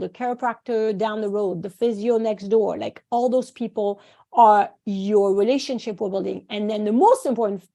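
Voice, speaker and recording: A fairly high-voiced French-born woman, first language French, talking as a guest on a podcast interview. She tells stories with lively energy, acting out the voices of the people she quotes. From France. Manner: animated storytelling, acts out quoted voices. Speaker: guest, acupuncturist and course founder.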